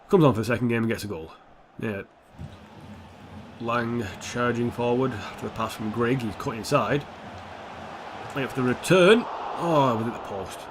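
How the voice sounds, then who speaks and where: A young man commentating his own football video game, sweary and excitable, dropping to mutters and jumping to shouts. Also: mid-range voice, noisy background. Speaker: gaming YouTuber. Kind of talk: gameplay commentary.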